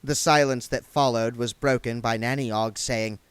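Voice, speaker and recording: A man's voice: medium pitch, normal speed, hardly any pauses, clear, resonant tone, no room sound. A man reading a novel aloud, narrating expressively. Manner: expressive storytelling. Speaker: reader. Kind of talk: audiobook narration.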